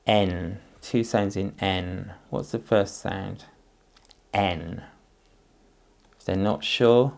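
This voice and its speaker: A man demonstrates phonics for parents, sounding out each syllable and letter with great patience. His voice is low and gravelly with fry. He speaks very slowly and carefully. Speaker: teacher.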